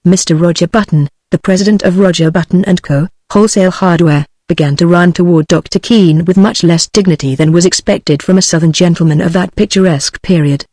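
A woman's text-to-speech voice with a British English accent, narrating an audiobook in an even, scripted way. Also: lowish voice, fairly quick, hardly any pauses, no echo. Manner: even, synthetic reading.

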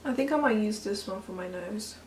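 Talking fairly fast with lively intonation at a medium pitch, a young beauty vlogger chats casually through her makeup and reacts to a tutorial as it plays. It was recorded at a distance in an echoey room with slight background noise.

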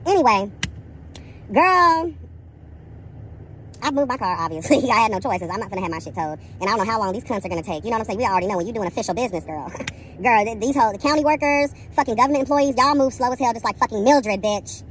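A woman vlogger rants at a rapid clip, her high voice swinging wildly up and down. She is sassy, profane and dramatic, and she keeps calling the listener "girl". Faint vehicle noise sits in the background. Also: lively intonation, a bit bright. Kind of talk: casual storytelling rant.

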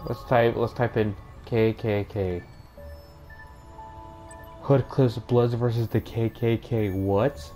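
Low-pitched and fairly even in intonation, this young man's voice is slow and pauses often. A gaming YouTuber, he offers casual, profane gameplay commentary to his viewers, reacting aloud with laughs, with game music playing under his voice.

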